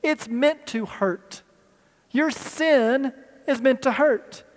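A man's voice: very high voice, takes it slowly. A male pastor teaching a sermon with slides, talking conversationally and asking the people in the room. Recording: long hall reverb.

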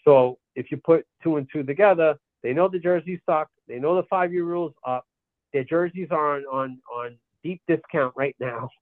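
A man's voice: on the high side, normal speed, no room sound. Man telling a story over a tinny line. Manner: rambling anecdote with restarts and quoted dialogue. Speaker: podcast guest. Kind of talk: casual storytelling. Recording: tinny phone-like line, dry.

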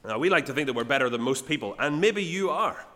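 A man giving a sermon in a plain conversational way, often pausing with fillers. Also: medium pitch, animated, bright, forceful tone, in a large hall. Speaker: preacher.

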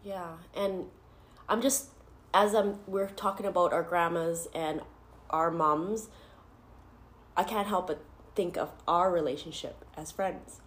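A woman's voice: fairly low pitch, fairly even intonation, unhurried, pauses often. A woman in her thirties, chatting casually as a host, laughing often and tearful at times. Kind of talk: casual chat.

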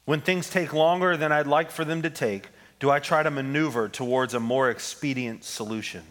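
A man's voice: fairly high pitch, a bit bright. Man preaching a conversational sermon. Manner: conversational preaching, reads scripture slowly with pauses. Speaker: pastor. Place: church sanctuary with congregation.

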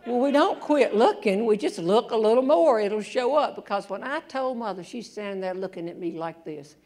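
A woman's voice: mid-range voice, normal speed. A woman telling comic stories on a theater stage, acting out the voices. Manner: animated, acts out voices, laughs along. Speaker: humorist and storyteller. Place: theater stage before a live audience.

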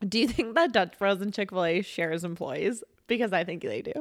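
A woman in casual podcast chat, bantering playfully and laughing through her quick asides. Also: mid-range voice, dry recording, clean studio sound.

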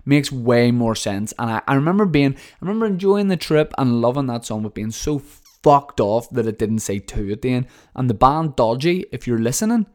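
This is a middle-aged comedian talking on his own podcast, reading out listener messages in a loose, chatty monologue. His pitch sits in the ordinary male middle. He rambles and swears, then breaks into sudden loud comic rants. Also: moderate pace.

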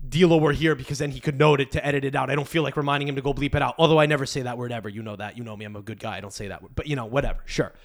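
Crude rambling male podcast host. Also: a little high. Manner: crude, rambling, restarts a lot. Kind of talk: casual rant.

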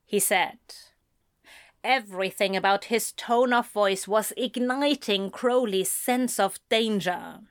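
Slow, measured woman narrator. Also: mid-range voice, smooth, no echo, clean studio sound. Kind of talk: fan fiction audiobook reading.

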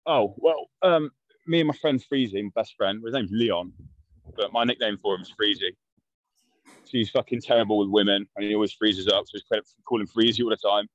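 A man's voice: lowish voice, brisk, a bit bright, dry recording. A man, a podcast guest telling a story in a blunt, rambling, swear-heavy way. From London. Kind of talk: casual storytelling. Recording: dull, dry lo-fi podcast audio.

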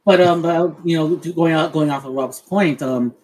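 A man co-hosting a podcast, chatting casually in halting speech with stacked fillers and repeated words. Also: a little high, darkish tone, low-quality recording. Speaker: podcast co-host.

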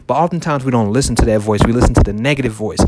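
A man in his thirties, a vlogger who resells shoes, gives a casual motivational talk to the camera. His medium-pitched voice comes rapid-fire over heavy background noise, and he speaks loosely and repetitively, full of fillers and restarts.

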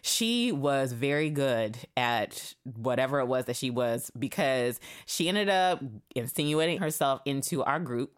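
A woman in her thirties with an unusually deep, low voice, chatting as a guest on a podcast. She tells her stories loosely and candidly, full of slang, swearing and fillers like "um" and "like". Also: animated, measured pace, few pauses, clean tone. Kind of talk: casual chat, storytelling.

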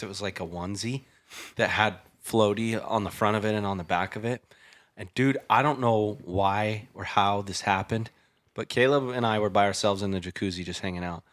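Laid-back young man, a bit low. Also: a bit bright. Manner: laid-back, peppers talk with "dude" and "bro", laughs often. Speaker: podcast host. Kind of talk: casual storytelling chat.

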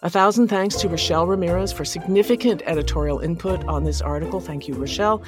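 A woman hosting a writing podcast, giving scripted narration in an earnest, measured delivery. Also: fairly low pitch, over music.

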